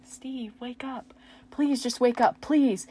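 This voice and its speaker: A woman voicing a panicked teenage boy who shouts desperately for help. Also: high voice, fairly even intonation, slow, husky, pitched above the performer's own voice, full character voice.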